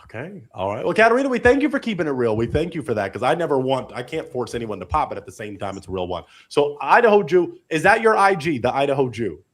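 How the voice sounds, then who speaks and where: A man's voice: mid-range voice, sing-song, fast talker, few pauses. A man hosting a live online dating show, playful and full of hype-man praise for the guests. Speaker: host.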